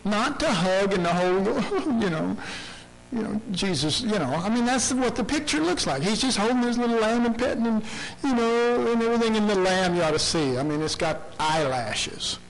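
Impassioned high-voiced male preacher. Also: expressive, normal speed, slight background noise, poor audio. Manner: impassioned, dramatic, swinging from soft to loud. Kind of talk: sermon.

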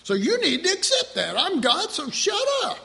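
A man's voice: very high-pitched, huge pitch swings, normal speed, creaky, sharp tone, voice pushed up, exaggerated voice. A man putting on a sarcastic, stern voice for God, mimicked to make a point in a sermon. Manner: exaggerated, sarcastic. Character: stern dismissive male God, mocked.

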